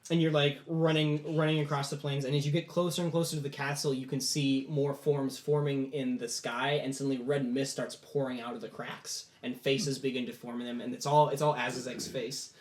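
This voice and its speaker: Casting: male game master, relaxed rambling narration, echoey room. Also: mid-range voice, a little fast, few pauses. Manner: casual storytelling with many "like" fillers. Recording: roomy echo.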